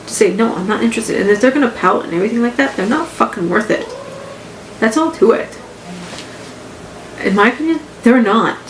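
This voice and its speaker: A woman's voice: fairly high pitch, expressive, brisk, long pauses. Woman, podcast host, candid, rambling, home living room, echoey room, faint hum. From Canada. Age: adult with grown children. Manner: rambling and candid, repeats phrases. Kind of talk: casual personal podcast monologue. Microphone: home podcast mic setup.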